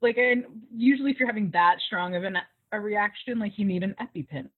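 A woman's voice: medium pitch, brisk, husky. A woman co-hosting a casual recap chat, talkative and laughing often, acting out quoted lines. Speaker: podcast co-host recapping a TV episode. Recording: tinny phone-like sound.

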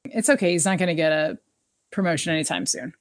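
A woman's voice: low-pitched, fast, dry recording, clean studio sound. A woman co-hosting a casual chat, recapping a TV episode with an easy, enthusiastic manner. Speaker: podcast co-host.

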